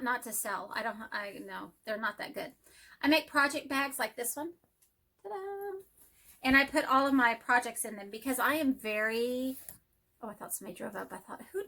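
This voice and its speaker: A woman chatting excitedly about her cross-stitch projects in a casual home vlog, speeding up when enthusiastic. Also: a little high. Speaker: cross-stitch vlogger and teacher. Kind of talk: casual show-and-tell vlog.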